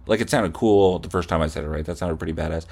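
A man's voice: low-pitched, quick pace, vocal fry, a little mellow, breathy edge. A young man hosting a comedy podcast, ranting profanely and acting out heated arguments with himself. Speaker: podcast host. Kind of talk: comedic rant.

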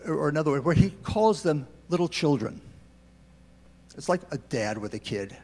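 Gravelly, breathy man in a reverberant hall. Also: a little high, expressive, darkish tone. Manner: earnest, halting, with many repeated words. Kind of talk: answering questions in a church interview.

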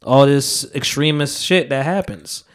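A man's voice: medium pitch, measured pace. A young man hosting a casual podcast chat, easygoing and laughing often, rambling through his points. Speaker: podcast host.

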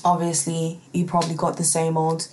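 A woman's voice: low voice, completely flat delivery, normal speed, darkish tone, slight background noise. A woman hosting a casual solo podcast, chatty and profane, laughing often as she reads out listener questions. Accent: non-American accent. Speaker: podcast host.

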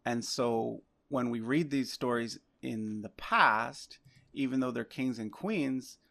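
A man speaks in a loose, rambling podcast conversation, full of fillers and easy asides. His voice carries a heavy gravelly fry, sitting at an ordinary pitch for a man. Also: takes it slowly. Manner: relaxed, rambling with many fillers. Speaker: podcast guest, history chart maker.

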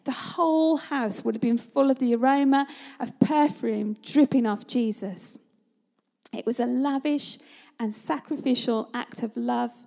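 A woman preaching a sermon in a conversational, storytelling manner, at times dropping to a hush. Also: high-pitched, vocal fry. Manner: conversational, vivid storytelling, sometimes drops to a hush.

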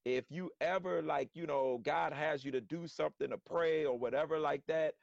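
A man telling a story in casual slangy talk on a live stream, animated and acting out quotes. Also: on the high side, normal speed, vocal fry, no room sound, highs cut off. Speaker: guest storyteller.

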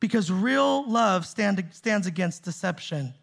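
This high-sitting, gravelly male voice is animated, a little slow, and fairly bright. He's a pastor preaching a sermon at a Bay Area church, emphatic and conversational, repeating key phrases and checking in with "right?" and "see?"

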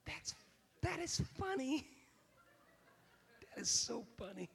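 A man in his fifties preaches a sermon with a high, gravelly voice. He tells stories and then drives his points home, growing loud and emphatic. His voice rings with the long reverb of a big church hall. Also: sing-song, slow. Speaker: pastor.

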